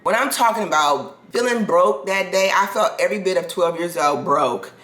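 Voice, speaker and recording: A woman in her forties telling a personal story to her own camera, animated and restarting sentences. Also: fairly low pitch, moderate pace, echoey room. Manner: animated, restarts sentences, acts out quoted people. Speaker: vlogger. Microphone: self-filmed camera.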